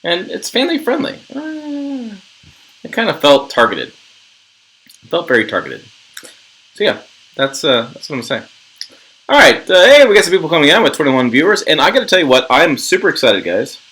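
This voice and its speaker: A man's voice: fairly high pitch, very animated, a little fast, pauses often, fairly bright tone, rough recording. A middle-aged man from Western Nebraska hosting a casual livestream, chatting in a rambling, jokey way and reading viewer comments. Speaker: channel host.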